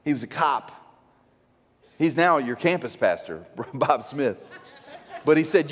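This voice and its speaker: A man preaching a sermon as pastor, an animated, joking storyteller who acts out quotes. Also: medium pitch, unhurried, long pauses. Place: church sanctuary. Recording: long church hall reverb.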